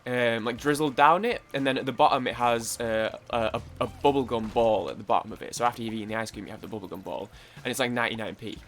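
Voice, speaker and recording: A man's voice: mid-range voice, fast talker, creaky, fairly bright tone. A young British man rambling chattily through casual let's-play commentary, full of fillers and swearing. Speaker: gaming YouTuber.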